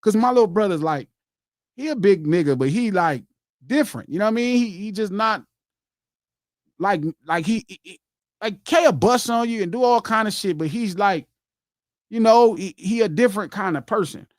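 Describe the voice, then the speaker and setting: Animated high-voiced man telling a story. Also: moderate pace, no room sound, studio quality. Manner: animated, repeats himself, acts out quotes. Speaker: podcast host. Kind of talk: casual storytelling chat.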